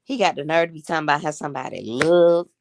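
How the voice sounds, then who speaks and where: A woman's voice: sits low, fast talker, no room sound, clean studio sound. A woman in her sixties hosting a casual livestream chat, gossiping and talking to her viewers as y'all. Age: 60s. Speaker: livestream host.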